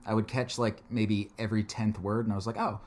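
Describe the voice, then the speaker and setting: A man's voice: lowish voice, little pitch movement, fairly quick, darkish tone. A man in casual chat, rambling and joking, swearing now and then as he talks through a film.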